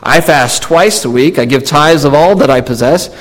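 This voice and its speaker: A man's voice: on the high side, normal speed. A man preaching a sermon, reading scripture and acting out the people in it with raised, emphatic voices. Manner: reads scripture, then acts out the speakers in raised voices. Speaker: pastor. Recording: long hall reverb.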